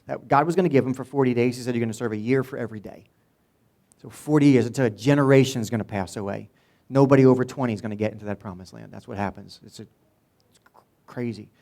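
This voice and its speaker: A man's voice: mid-range voice, darkish tone. A middle-aged man preaching a sermon as pastor, telling a Bible story in a casual, joking way and acting out the people in it. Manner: casual, joking storyteller who retells Bible scenes in voices.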